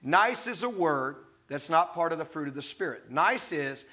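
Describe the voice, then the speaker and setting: A man's voice: fairly high pitch, expressive, normal speed, sharp tone. A man preaching a sermon, reading scripture aloud and breaking off into emphatic, conversational asides to his listeners.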